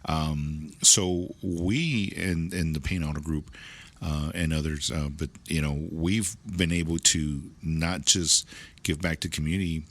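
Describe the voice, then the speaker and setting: A man's voice: rumbling low, fairly even intonation, a little slow, fairly bright tone. A man, a dealership manager chatting as a guest in an interview, rambling with many restarts and fillers. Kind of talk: casual interview chat.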